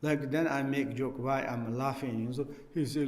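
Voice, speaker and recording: A man, a Buddhist teacher, explaining a text and telling a story in halting, non-native English with many restarts, joking with his listeners. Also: medium pitch, steady tone, a little mellow, echoey room, long reverb tail. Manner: jokes and laughs with listeners.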